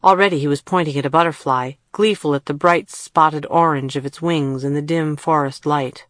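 Low-voiced woman reading a storybook. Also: steady tone, no echo, clean studio sound. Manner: measured storytelling read, puts on voices for characters. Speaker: audiobook narrator. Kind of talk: scripted audiobook narration.

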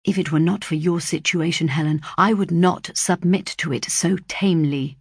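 A woman reading the part of a sulky, defiant young gentleman who turns indignant, muttering some lines. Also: deep voice, steady tone, moderate pace, breathy edge, no echo, studio quality.

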